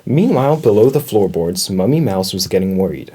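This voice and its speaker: A man reading a children's storybook aloud in an expressive storytelling manner. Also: lowish voice, normal speed, husky. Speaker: storybook reader.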